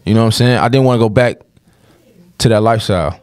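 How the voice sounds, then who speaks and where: A man's voice: lowish voice, quick pace, darkish tone, smooth, no room sound. A young man on a podcast, telling a personal story in casual chat, with lots of slang and swearing and restless run-on sentences.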